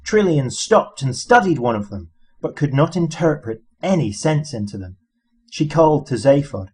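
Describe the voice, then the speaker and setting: Husky-voiced man narrating an audiobook. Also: a little high, sing-song, normal speed, a little mellow. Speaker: audiobook reader.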